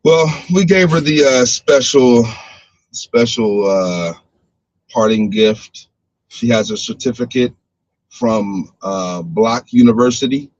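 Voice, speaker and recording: A man's voice: mid-range voice, animated, slow pace, darkish tone, no echo. An older man leading a heated group debate, confrontational and mocking, who repeats himself as he presses his point. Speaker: discussion group leader. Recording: muffled lo-fi livestream audio.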